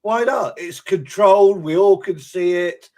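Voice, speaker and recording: A man's voice: high voice, a little slow, over a noisy crowd. Chatty man hosting a live stream. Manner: rambling, repeats himself, laughs often. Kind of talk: casual group chat on a live stream. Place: live video call.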